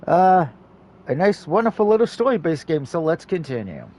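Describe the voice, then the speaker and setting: A man streaming a story game, reading its text aloud and breaking off for quick, joking asides. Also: a little high. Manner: mixes steady reading with quick, jokey asides.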